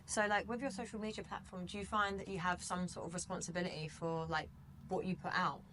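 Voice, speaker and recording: Earnest woman host, fast, pushes back, faint background noise. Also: on the low side, fairly even intonation, a bit bright. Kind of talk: casual banter.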